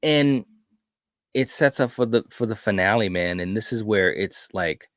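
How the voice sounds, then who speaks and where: Lower-voiced man retelling a film excitedly. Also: measured pace, dry recording, clean studio sound. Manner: enthusiastic, rambling retelling. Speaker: podcast co-host. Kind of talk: casual film review chat.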